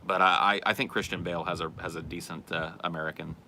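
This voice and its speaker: A man's voice: low voice, fairly even intonation, quick pace, creaky, bright, forceful tone, slight background noise. A man hosting a casual livestream chat, reading questions and answering in a rambling, self-correcting way at home.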